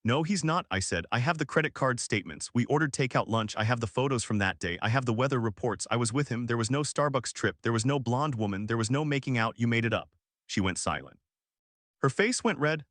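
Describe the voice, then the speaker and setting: A man reading a first-person story aloud in a calm, slow, even scripted narration meant for listeners falling asleep. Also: mid-range voice, no room sound, clean studio sound.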